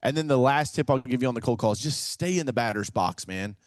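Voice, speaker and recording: A man's voice: mid-range voice, quick pace, dry recording. A man from Kentucky, a real estate investor guest on a casual podcast interview, telling stories energetically and acting out phone calls in a folksy way. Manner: energetic, animated storyteller who acts out phone calls; folksy, says "man" and "right?" often.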